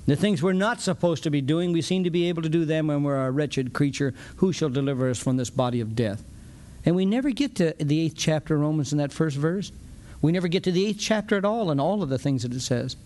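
A man with a fairly high voice delivers a folksy, conversational sermon. He talks animatedly, acting out little exchanges and chuckling as he goes. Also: quick pace. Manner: animated, folksy, acts out dialogues with frequent chuckles. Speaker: preacher.

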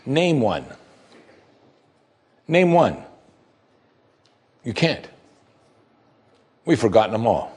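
Man, pastor, sermon, husky voice, reads scripture then comments emphatically. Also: lowish voice, a little mellow.

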